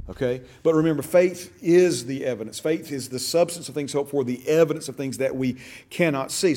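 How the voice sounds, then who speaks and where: A man's voice: a little high, darkish tone. A man teaching a church discipleship class, stressing key words and asking the class questions. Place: church classroom, also streamed online.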